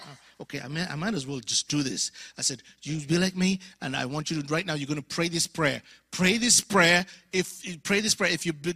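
A man in his fifties from Africa preaches in a storytelling style. He acts out the voices in his story and sometimes drops into whispers. His voice is a little high, bright and gravelly, with a husky edge and a dry close sound. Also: dry recording. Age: 50s. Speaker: guest preacher. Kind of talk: storytelling sermon. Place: church conference.

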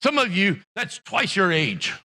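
A man preaching a sermon as pastor of a church, impassioned, rising to shouts and acting out the voices of Bible characters. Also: high voice, sing-song, a little slow. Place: church sanctuary.

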